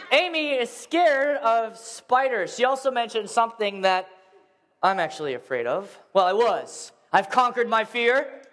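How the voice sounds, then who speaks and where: Animated young man preaching. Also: sits high. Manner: animated, acts out screams and voices. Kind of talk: lively children's sermon storytelling.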